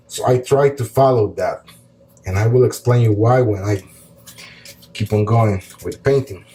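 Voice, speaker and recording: Mellow-voiced man teaching painting. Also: mid-range voice, low-quality recording. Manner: calm, relaxed explaining while painting, with pauses and fillers. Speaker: art teacher. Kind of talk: step-by-step painting tutorial.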